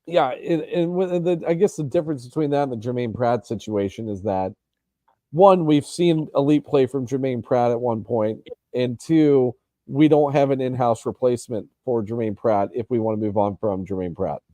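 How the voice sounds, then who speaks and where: A man with a mellow, darker voice co-hosts a casual sports podcast. He talks at a middling pitch, often restarting his sentences and filling gaps with ums. The sound is dry and close-miked. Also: normal speed, dry recording. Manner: hesitant, lots of restarts and ums. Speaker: podcast co-host.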